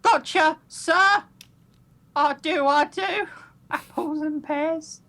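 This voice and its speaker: A man's voice: extremely high pitch, takes it slowly, gravelly, bright, forceful tone, voice pushed up, exaggerated voice. A man voicing a cheeky Cockney schoolgirl from a visual novel, with a wobbly, exaggerated put-on accent. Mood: eager.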